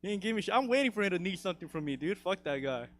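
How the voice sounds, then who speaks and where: A man with a fairly high voice tells a long personal story on stage. His delivery is rambling and profane, padded with "dude" and "you know" throughout. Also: lively intonation, rapid-fire. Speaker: stand-up comedian. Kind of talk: stand-up storytelling.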